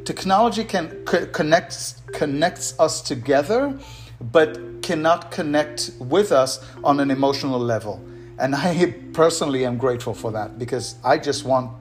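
A man's voice: mid-range voice, lively intonation, normal speed, faint music behind. A man hosting a solo podcast on leadership, speaking earnestly and encouragingly and repeating key words for emphasis. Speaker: podcast host.

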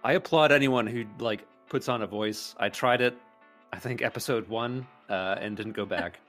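A man's voice: mid-range voice, normal speed, fairly bright tone, soft background music. A man chatting as a podcast guest, hesitant and full of fillers. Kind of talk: casual chat.

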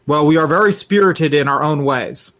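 A man's voice: fairly high pitch, moderate pace, fairly bright tone, close to an everyday voice. A man voicing a pompous, formal male detective who speaks in stiff, old-fashioned phrases. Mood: haughty.

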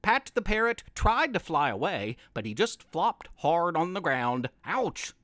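Slow playful story narrator, lots of up and down in the voice, dry close sound. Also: medium pitch, dry recording. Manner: playful, expressive read-aloud. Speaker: storyteller host.

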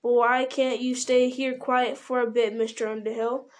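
A woman's voice: fairly high pitch, little pitch movement, normal speed, lightly acted. A woman reading as a fretful male innkeeper. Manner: rambling, fretful. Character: nervous talkative male innkeeper, middle-aged. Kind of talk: storybook reading.

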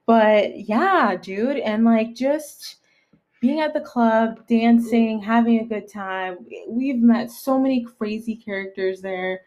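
A young adult woman co-hosting a podcast, chatting casually and excitedly, swearing and saying "like" constantly. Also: on the high side, slow. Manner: profane, excitable, lots of filler "like". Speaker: podcast co-host. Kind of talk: casual chat.

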